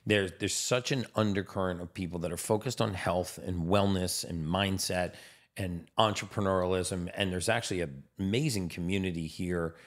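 A man's voice: low-pitched, fairly even intonation, normal speed. A man hosting a podcast interview in casual chat, enthusiastic and often repeating words as he starts a sentence. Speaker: podcast host. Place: home in Miami.

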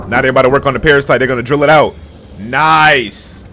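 A young man hosting a reaction video, hyped and shouting with casual slang. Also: mid-range voice, fairly quick, a little hiss or hum. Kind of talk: excited reaction commentary.

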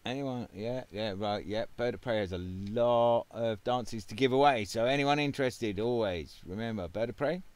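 A man's voice: mid-range voice, normal speed, few pauses, no room sound. A man hosting a casual gaming video at home, rambling and wry with plenty of fillers. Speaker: gaming channel host.

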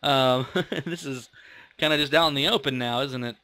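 A man's voice: mid-range voice, normal speed, bright, forceful tone, no echo. A young man hosting a casual gaming video, rambling and chatty as he plays and pokes fun at himself. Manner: rambling, chatty, self-mocking. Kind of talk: casual let's-play commentary.

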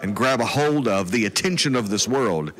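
A man's voice: medium pitch, animated, moderate pace, fairly bright tone. A man speaking as a guest preacher on a talk show, earnest and emphatic.

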